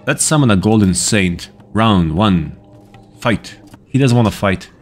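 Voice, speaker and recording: Low-voiced man joking over gameplay. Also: lively intonation, measured pace, soft background music. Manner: joking, teasing game characters. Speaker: gaming YouTuber. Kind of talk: casual gameplay commentary.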